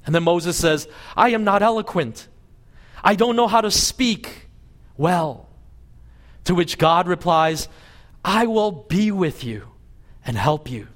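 Man, pastor, sermon, raised pitch, lively swinging intonation, storytelling. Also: takes it slowly. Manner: animated storytelling, voicing God and Moses with lively pitch swings. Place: church service.

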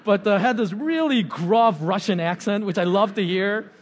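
A man's voice: high voice, normal speed. A middle-aged man preaching a sermon in a loose, conversational way with many fillers and chuckles. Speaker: pastor. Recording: long hall reverb.

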